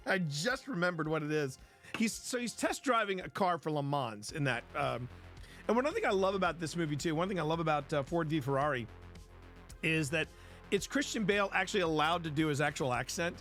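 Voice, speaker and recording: A man's voice: fairly high pitch, lively intonation, normal speed, a bit bright, faint music behind. A man hosting a casual live stream, rambling and repeating himself as he greets viewers in chat by name. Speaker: livestream host.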